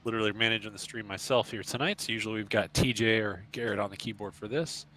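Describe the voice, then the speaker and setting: A man's voice: lowish voice, fairly even intonation, fast, bright, forceful tone. A man coaching as he drives on a live stream in a sim racing club, calling out short, clipped driving instructions in a running commentary.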